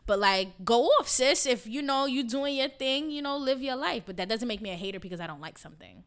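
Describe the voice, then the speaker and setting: A young woman from a Haitian family tells stories bluntly and profanely in a casual podcast chat, acting out what people said. Her high voice is expressive, clear, and resonant, and she talks a little fast.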